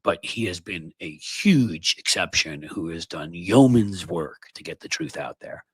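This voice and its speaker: A sarcastic, rambling political commentator in his fifties, from New York City. His low, husky voice sits close on a studio mic in a dry room. He mocks and riffs freely as he talks. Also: expressive, unhurried, no room sound. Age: 50s. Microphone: studio microphone.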